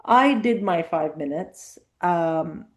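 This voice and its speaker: Her lowish voice moves at a slow pace as the middle-aged woman comedian chats in a casual interview. She recounts vivid anecdotes, acting out what people said.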